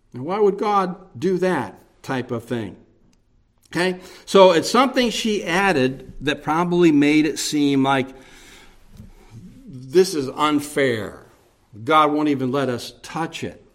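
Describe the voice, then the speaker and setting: Slow, deliberate preaching man. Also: a little high. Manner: slow, deliberate teaching with emphatic repetition. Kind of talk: expository sermon.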